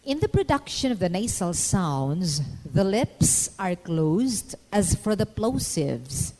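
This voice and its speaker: A woman narrating a scripted phonetics lesson in a measured, instructional way, pausing to demonstrate each sound. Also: medium pitch, mellow, in a large hall, rough recording. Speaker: phonetics teacher.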